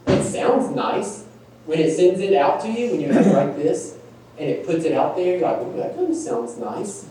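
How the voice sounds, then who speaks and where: A man's voice: fairly high pitch, expressive, normal speed, mellow. Chatty male presenter in an echoey room. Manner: conversational, asks the audience questions, mocks stiff wording. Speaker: workshop presenter. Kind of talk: conference talk on email marketing. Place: large meeting room. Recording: echoey room, distant mic, faint room noise.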